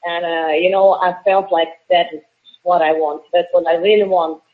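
A woman's voice: fairly low pitch, fairly even intonation. Russian-accented woman over a phone line. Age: late 20s. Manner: earnest, halting with fillers. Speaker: professional wrestler guest. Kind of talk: phone interview answers.

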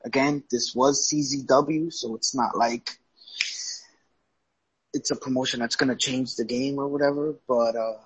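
A man's voice: medium pitch, fairly even intonation, a little slow, breathy edge. A man co-hosting a casual wrestling chat, rambling and cursing freely, often restarting his sentences. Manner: loose, profane, rambling with restarts. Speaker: podcast co-host. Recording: dull lo-fi audio.

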